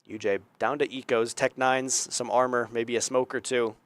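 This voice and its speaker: A young man casting an esports match solo, with energetic play-by-play that climbs on big plays. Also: mid-range voice, normal speed, no echo. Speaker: esports caster. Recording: game gunfire loud under voice. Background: game sound effects and gunfire.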